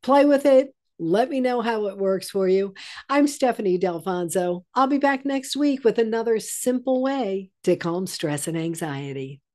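Mellow woman coaching calm breathing. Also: unhurried. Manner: chatty, drops soft and low when guiding breaths. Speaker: stress-relief coach. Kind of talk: guided breathing lesson.

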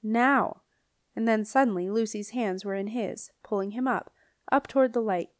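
A woman's voice: mid-range voice, normal speed, no room sound. Woman reading a storybook, dry close voice. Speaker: audiobook reader. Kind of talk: scripted narration.

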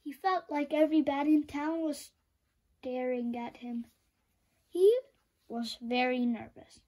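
Storyteller: woman, high voice, slow expressive read-aloud for kids. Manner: expressive, with sound effects. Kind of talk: children's book read-aloud.

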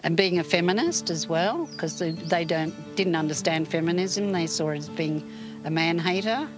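An older woman talking casually and warmly outdoors in a forest, gentle, heartfelt and enthusiastic. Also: lowish voice, normal speed, music in the background, rough recording. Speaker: interviewee. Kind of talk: casual conversation.

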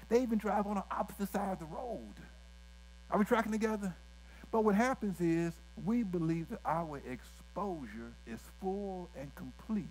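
A man's voice: a little high, darkish tone, a little hiss or hum, rough recording. A male pastor, preaching a sermon with folksy asides and direct questions to the congregation.

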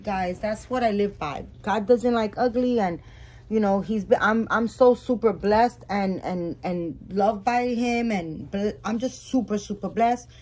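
A woman vlogging about her reborn dolls, telling a story in a chatty, animated way with many restarts and asides to viewers. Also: a little high. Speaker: doll collector YouTuber. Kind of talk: casual vlog storytelling.

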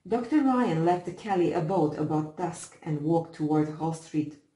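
A woman reading a short story aloud as audiobook narrator, steady and measured. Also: low-pitched, reverberant, rough recording. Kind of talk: scripted narration.

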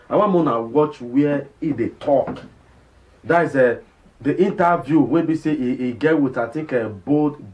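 A man with a Nigerian Pidgin accent talks casually over clips in his vlog. He is chatty and repetitive, often checking whether his listeners follow. His voice sits at an ordinary middle pitch. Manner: chatty, repeats himself, many fillers and "you understand?". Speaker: vlog host. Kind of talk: casual commentary.

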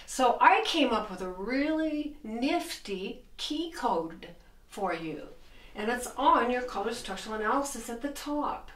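A middle-aged woman teaching piano, explaining with enthusiasm as she plays and counting the beats out loud. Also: on the high side, expressive, measured pace. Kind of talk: piano lesson. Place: room with a piano. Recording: echoey room, distant mic.

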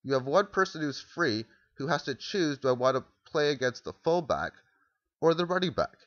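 A man's voice: on the high side, sing-song, moderate pace, fairly bright tone, no room sound, dull audio. A man casually explaining football strategy, thinking aloud and restarting sentences as he walks through plays. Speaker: amateur football analyst.

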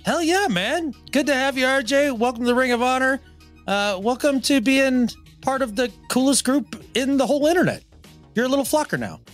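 A man's voice: very high voice, expressive, fairly quick, soft background music. A man co-hosting a podcast, chatting loosely with frequent laughs and fillers. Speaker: podcast co-host. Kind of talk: casual podcast chat.

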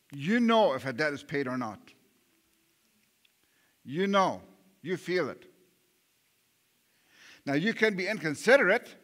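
Bright-voiced man preaching a sermon. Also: sits high. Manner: earnest, with frequent repeated words and restarts; rhetorical questions to the congregation. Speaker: pastor.

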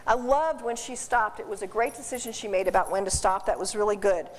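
A woman instructor teaching dog behavior to a live class in an animated, joking way, quizzing the class as she goes. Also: medium pitch, a little fast, a little hiss or hum. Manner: animated, jokey, asks the class questions. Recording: roomy hall from a distance.

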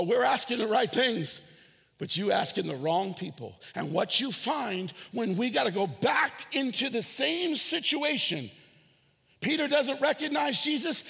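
Male pastor, high husky voice, swooping sermon delivery, long reverb of a church hall. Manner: animated preaching with shouted peaks and acted dialogue.

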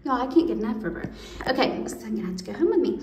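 A woman's voice: a little high, sing-song, very fast, recorded from a distance, noisy background. Gushing woman, echoey room. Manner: gushing, chatty, addresses viewers as y'all. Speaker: clothing try-on host. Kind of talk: casual product try-on video. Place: room indoors.

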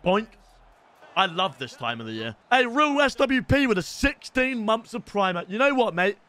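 Excitable gamer streaming live. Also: male voice, high voice, normal speed, no echo. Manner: excitable, shouts at goals, addresses viewers as lads. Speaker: gaming streamer. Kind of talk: casual live-stream commentary.

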